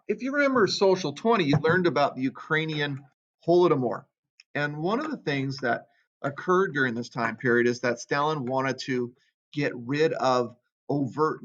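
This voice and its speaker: A man's voice: medium pitch, fairly bright tone. A man teaching a history lesson in a casual way, reading out quotes and then commenting on them. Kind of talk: classroom history lecture. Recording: dull lo-fi recording.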